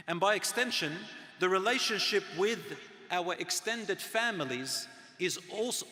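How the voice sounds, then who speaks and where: A middle-aged man giving an earnest sermon, moving from loud emphasis to soft, hushed tones. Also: a little high, big-room sound. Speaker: Islamic lecturer.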